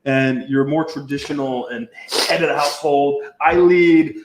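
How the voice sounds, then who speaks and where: A man's voice: on the high side, normal speed, reverberant, background noise. A man telling crude stories in casual talk, blunt and swearing, acting out what people said. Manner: swearing, blunt, acts out quotes.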